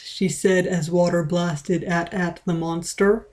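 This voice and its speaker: A woman's voice: fairly low pitch, flat delivery, slow pace, a little mellow. A woman reading a fan story aloud in a playful, dramatic way, with small stumbles. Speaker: reader. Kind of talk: read-aloud of fan fiction.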